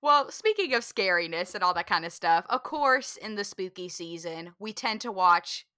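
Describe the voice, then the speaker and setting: Animated woman co-host. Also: medium pitch, normal speed, no echo, clean studio sound. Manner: animated storyteller, acts out voices in anecdotes. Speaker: podcast co-host. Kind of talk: casual chat.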